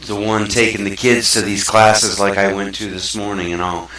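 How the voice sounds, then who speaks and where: A man's voice: fairly low pitch, little pitch movement, normal speed, a bit bright. Earnest man talking in an echoey room. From South Mississippi, USA. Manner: earnest, rambling, conversational. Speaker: show host. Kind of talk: casual talk-show monologue. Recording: echoey room, far from the mic.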